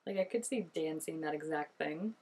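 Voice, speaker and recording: A young woman hosts a reaction video, chatting casually and gushing with plenty of "like" fillers and frequent laughter. Her voice is low-pitched, somewhat mellow and husky, and she talks at a normal speed.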